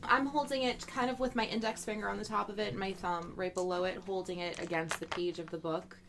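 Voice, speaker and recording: A woman's voice: mid-range voice, steady tone, fairly quick, noisy background. A woman playing a tabletop game, careful and detailed as she narrates her actions. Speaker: player. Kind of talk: casual tabletop play.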